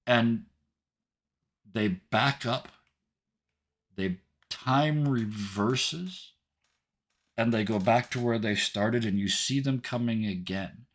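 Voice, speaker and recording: A man's voice: medium pitch, takes it slowly. A man narrating a tabletop role-playing game as game master, rambling with fillers and frequent "right?".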